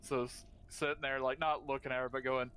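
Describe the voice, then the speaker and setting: A man's voice: medium pitch, flat delivery, a little fast, crowd noise. A man playing a tabletop game, talking casually and rambling with many fillers. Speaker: player.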